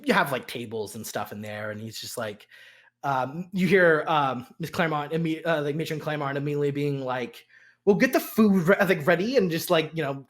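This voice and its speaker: A man narrating a tabletop role-playing game as game master, hesitant and full of fillers. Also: fairly high pitch.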